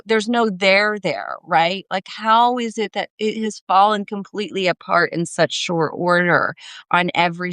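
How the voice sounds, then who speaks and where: Smooth low-voiced woman, analytical guest. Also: fairly bright tone, no echo. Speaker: author guest. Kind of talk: casual political discussion.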